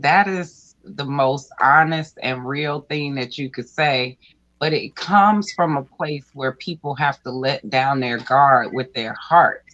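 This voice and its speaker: A podcast host in a casual interview who speaks in a slow, emphatic and earnest way, heard over a video call. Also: medium pitch, a bit bright. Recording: dull lo-fi sound.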